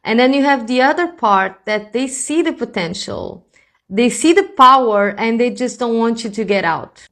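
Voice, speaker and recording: Woman, spiritual reader, slightly high voice, reassuring, speaks to viewers directly. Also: lively intonation, normal speed, fairly bright tone. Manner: reassuring, speaks straight to the listener as "my loves". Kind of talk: intuitive reading addressed to viewers.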